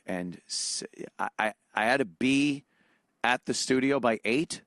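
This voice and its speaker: A man's voice: mid-range voice, a bit bright, no room sound. A man, hosting a show and telling a comedic, profane, sarcastic rant about how annoyed he is by everyone around him. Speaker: show host.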